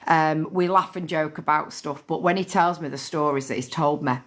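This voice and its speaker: A woman's voice: deep voice, moderate pace. Chatty woman on a phone stream. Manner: chatty, swears freely, repeats herself. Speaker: livestream host. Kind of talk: casual chat on a live stream.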